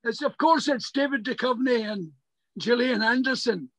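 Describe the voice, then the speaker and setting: Older male actor guest, unusually high pitch, chatty and stumbling storyteller. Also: dry recording, poor audio. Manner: halting, repeats words, animated anecdotes. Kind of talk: remote interview, casual storytelling. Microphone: video call.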